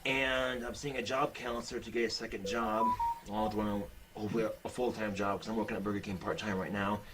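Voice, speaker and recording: A man's voice: on the low side, fairly even intonation, quick pace, heavy background noise. A young man talking casually into a webcam, rambling and blunt, swearing often. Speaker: vlogger.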